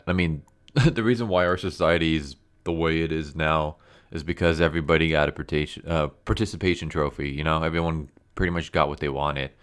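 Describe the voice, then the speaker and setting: Deep-voiced guy ranting about comics, blunt and fed up, says like and you know constantly. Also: fairly bright tone, clean tone. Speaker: comic book reviewer. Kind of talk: casual ranting review.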